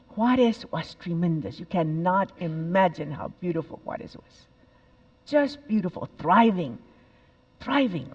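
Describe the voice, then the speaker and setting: A woman's voice: low-pitched, a little mellow, dull audio. A woman in her seventies, from El Paso, giving a storytelling talk and repeating phrases for emphasis. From El Paso, Texas. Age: 70s.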